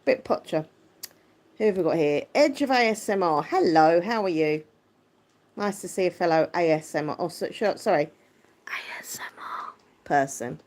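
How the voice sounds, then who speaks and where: Chatty woman, squeaky yet deep. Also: animated. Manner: chatty, warm-hearted, quick to laugh. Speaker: livestream host. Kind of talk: casual live chat, reading viewer comments.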